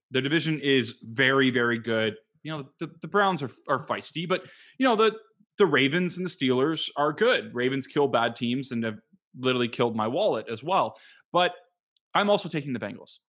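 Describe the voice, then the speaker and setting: Podcast host guy, mid pitch, jokey and self-deprecating, handing off picks. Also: sharp tone. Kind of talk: casual sports talk.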